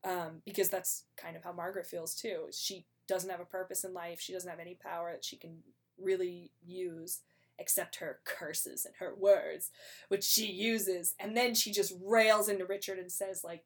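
A woman in a casual chat, retelling a play in a chatty, animated way and acting out the characters' lines. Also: fairly low pitch, moderate pace.

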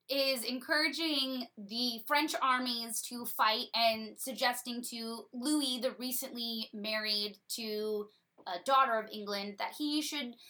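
A woman's voice: high voice, bright, forceful tone. A woman giving a breezy, sarcastic comedic retelling of a story.

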